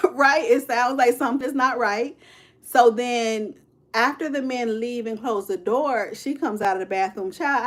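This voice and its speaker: This livestream host, a woman in her fifties with a medium-pitched voice, runs a laid-back true-crime stream. She speaks right to her audience, calling them "y'all," "child" and "honey," and replies to comments along the way.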